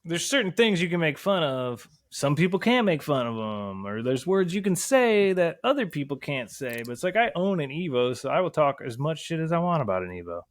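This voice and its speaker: A man's voice: a little high, sing-song, a little fast, few pauses, no echo. Swearing, rambling man on a podcast. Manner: rambling and heavily profane; acts out quotes in a voice. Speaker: podcast guest. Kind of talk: casual chat.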